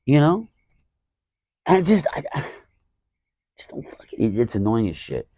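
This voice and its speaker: A man's voice: medium pitch, normal speed, slightly rough, dry recording, poor audio. Profane man ranting dryly. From Alabama. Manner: profane, exasperated, animated storytelling. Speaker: stand-up comedian, podcast host. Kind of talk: casual storytelling rant.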